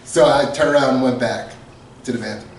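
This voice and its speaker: A man's voice: mid-range voice, brisk, a little hiss or hum. A man co-hosting a podcast, telling a comedic story casually, laughing often and acting out quotes. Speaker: podcast co-host. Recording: echoey room, far from mic.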